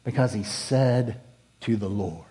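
A middle-aged male pastor preaching a sermon, telling a personal story earnestly, rising to fervent and dropping to hushed. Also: lowish voice, takes it slowly.

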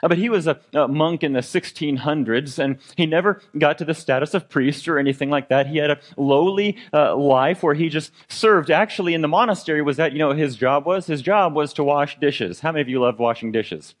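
Male pastor, conversational sermon delivery, engages the congregation, rises and drops in pitch. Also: a little fast, few pauses. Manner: conversational preaching with congregation questions; fillers and restarts, dynamic pitch and volume.

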